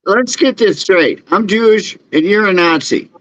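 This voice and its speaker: Slightly high-voiced guy on a muffled dry call, jokey, rambles a bit. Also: expressive, unhurried, a bit bright, no echo. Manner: joking, eager listener, rambling. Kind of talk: casual chat.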